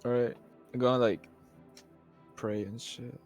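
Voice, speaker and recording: A man's voice: mid-range voice, fairly even intonation, a little slow, a little mellow, faint music behind. A man playing a tabletop game, talking in a laid-back, dry way. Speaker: player. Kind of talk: casual tabletop play.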